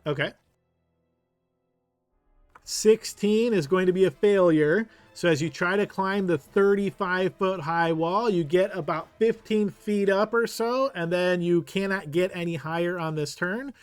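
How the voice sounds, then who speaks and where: A man narrating a tabletop game as game master, giving brisk, matter-of-fact rulings. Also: high voice, smooth, dry recording, soft background music.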